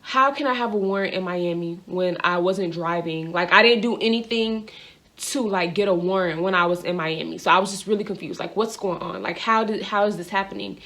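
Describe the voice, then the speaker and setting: A woman's voice: lowish voice, brisk, a bit bright. A young adult woman vlogger telling a storytime monologue, rambling and repeating herself with lots of filler words.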